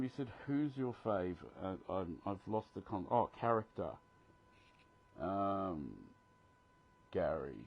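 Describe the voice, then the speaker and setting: Deep-voiced Australian man chatting. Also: dull audio. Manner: chatty, reads questions aloud, self-deprecating. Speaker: author. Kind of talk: casual live Q&A chat. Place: home, live video stream.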